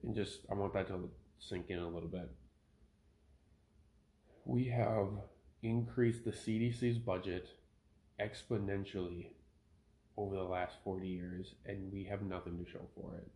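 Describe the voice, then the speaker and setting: Male podcast host, deep voice, opinionated reader, echoey home room. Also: steady tone, unhurried, mellow. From Minnesota. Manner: opinionated, ranting, self-correcting. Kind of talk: casual podcast commentary, reading an article aloud. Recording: roomy home podcast recording.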